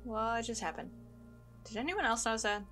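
A woman's voice: fairly high pitch, moderate pace, a bit bright, soft background music. Giggly woman reading a game aloud. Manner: giggly, playful, reads dialogue aloud. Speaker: gaming streamer. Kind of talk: let's play commentary and reading game text aloud.

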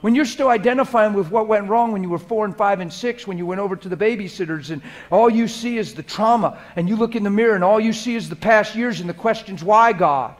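A middle-aged man preaching a sermon to a live congregation, moving from hushed prayerful murmurs to loud, animated, laughing storytelling. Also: high voice. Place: church hall before a live congregation.

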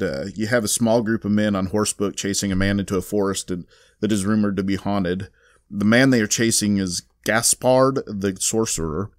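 A Southern man with a lowish voice chats through a comic plot on a podcast. He rambles and restarts, filling gaps with "uh". The sound is close and dry, with no room around it. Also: dry recording. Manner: rambling recap with many fillers and restarts. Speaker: podcast co-host reviewing comics. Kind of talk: casual podcast chat.

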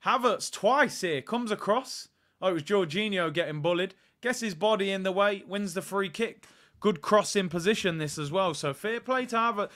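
Bright, excitable man commentating live. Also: high voice, moderate pace. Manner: chatty, excitable, jumps between play-by-play and asides, reads chat aloud. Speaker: fan channel host doing a live watchalong. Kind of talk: casual live match commentary.

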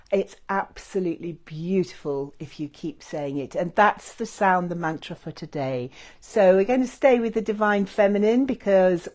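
A woman leading a guided meditation with chanting, gentle and effusive, with many fillers. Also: lowish voice, lively intonation, moderate pace.

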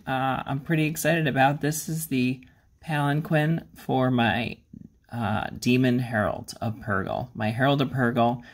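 A man hosting his own hobby channel and chatting casually about his miniature work. He talks in a rambling way, pokes fun at himself and fills his pauses with lots of uhs and ums. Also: mid-range voice. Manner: rambling, self-deprecating, many fillers. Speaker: miniature painting channel host.

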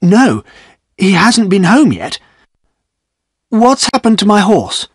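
A man putting on a tense, angry young gentleman. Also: fairly high pitch, lively intonation, measured pace, no room sound, studio quality, voice pushed up. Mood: alarmed. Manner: raised, tense and bitter. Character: young gentleman, anxious, quick to anger. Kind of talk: graded-reader audiobook reading.

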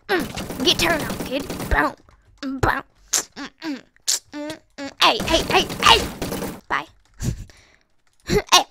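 A woman giving excitable live gameplay commentary, trash-talking opponents and giggling as she plays. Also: high-pitched, vocal fry, a little hiss or hum. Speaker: gaming channel host.

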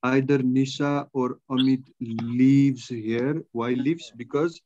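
Male teacher with a Nepali accent, mid-pitched, slow deliberate dictation, dull lo-fi recording. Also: fairly even intonation, darkish tone. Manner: slow, measured dictation, repeating sentences word by word. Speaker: English teacher. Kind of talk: exam-prep grammar lesson.

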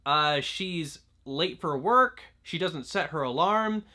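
A man's voice: fairly high pitch, expressive, slow, bright, forceful tone. A young man casually talking through a film review, chatty and loose, with lots of "like" and restarts. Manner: chatty, fills talk with "like" and restarts. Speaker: movie reviewer.

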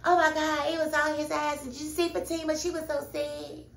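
A woman's voice: high voice, little pitch movement, normal speed, pitched above the performer's own voice. A woman mocking a lovestruck gushing girl. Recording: echoey room, faint background noise.

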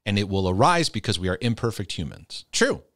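Low-voiced man giving casual advice. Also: very animated, fairly quick, no room sound, studio quality. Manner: conversational, gets loud and emphatic then drops soft. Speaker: host answering viewer questions. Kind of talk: casual faith-based advice talk.

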